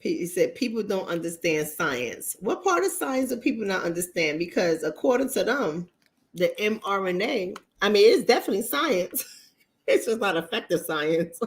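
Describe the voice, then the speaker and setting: A woman with a Bronx accent, casually chatting with viewers on a livestream in a blunt, profane manner. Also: moderate pace. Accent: New York, Bronx. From New York, the Bronx. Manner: blunt, profane, animated, mimics others in high voices. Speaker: relationship coach and livestream host.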